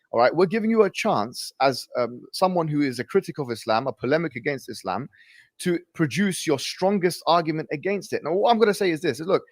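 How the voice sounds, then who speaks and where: Guy debating hard, keeps cutting in, kinda high voice. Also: dry recording. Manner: insistent, repeats "look" to interrupt. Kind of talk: heated debate.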